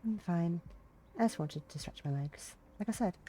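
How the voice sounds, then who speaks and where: A streamer voicing a quiet, reserved young woman in a visual novel read-aloud. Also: medium pitch, expressive, normal speed, a little hiss or hum, lightly acted. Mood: guarded.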